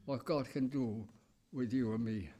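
Slow, deliberate male preacher. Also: mid-range voice, mellow. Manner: slow, deliberate, pausing between short phrases. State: coughing, clearing his throat. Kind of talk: sermon reading and explaining scripture.

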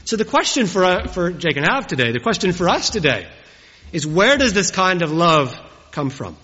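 Preacher with a lively, husky voice. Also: male voice, high-pitched, normal speed. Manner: warm, humorous, storytelling delivery. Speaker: preacher at a wedding. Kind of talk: wedding sermon. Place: church. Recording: dull recording with long church reverb.

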